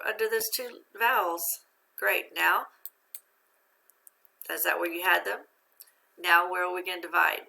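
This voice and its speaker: A woman's voice: fairly low pitch, creaky, pushed and bright. A woman teacher giving a phonics lesson to young students, patient and encouraging, asking questions and answering them herself.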